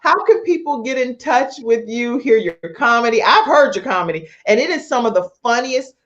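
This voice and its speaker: A woman's voice: fairly high pitch, lively intonation, normal speed. Chatty talk show host woman, fifties. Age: 50s. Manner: chatty, enthusiastic, repeats herself. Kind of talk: casual interview chat. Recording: dull lo-fi online show audio.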